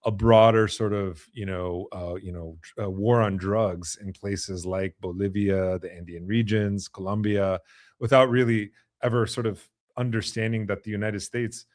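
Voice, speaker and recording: A low-voiced man hosts a podcast conversation, working through his points with lots of "you know" and restarts. His voice is recorded close and dry, with no room sound. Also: steady tone, darkish tone, no echo. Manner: halting, many fillers and restarts. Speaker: podcast host. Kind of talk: conversational interview.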